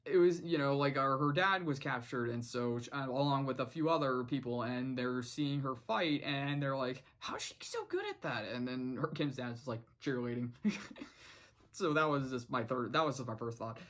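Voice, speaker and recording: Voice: medium pitch, steady tone, normal speed, fairly bright tone. A cartoon reviewer recapping an episode in a casual vlog, rambling with many restarts and quoting the characters' lines.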